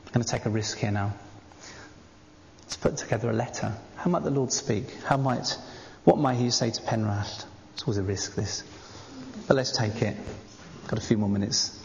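Man preaching in a reverberant hall. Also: mid-range voice. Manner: earnest, exhorting. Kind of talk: sermon. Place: church. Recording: reverberant church hall, dull faint hiss.

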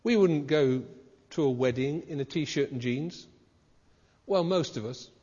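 Man, preacher, high voice, chatty sermon, long hall reverb, dull lo-fi sound. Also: measured pace, warm tone. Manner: conversational, with rhetorical questions.

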